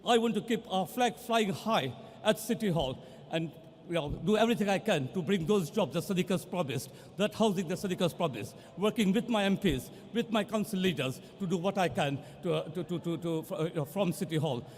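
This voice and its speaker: A man giving a passionate victory speech as a newly elected assembly member, building to rousing shouts in a large count hall. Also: high-pitched, animated, fairly quick. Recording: long reverb of a big hall.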